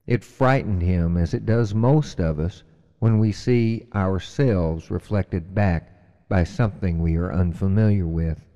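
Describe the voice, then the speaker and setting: Man, storyteller, slow and measured, deep mellow voice, long hall reverb. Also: highs cut off. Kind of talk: storytelling narration.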